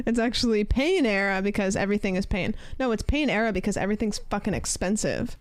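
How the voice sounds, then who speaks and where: A young woman talks loosely and chattily while she plays a game on stream, drifting from one thought to the next as she reads her chat. Her voice sits at a middling pitch and sounds dry and close, with no room echo at all. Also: brisk, few pauses. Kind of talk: casual chat while gaming.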